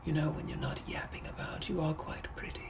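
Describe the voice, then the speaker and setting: A man voicing a suave, menacing Victorian gentleman butler with a put-on British accent, in whispered role-play, speaking slow, hushed and deliberate. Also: fairly high pitch, fairly even intonation, lightly acted. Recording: noisy background hiss.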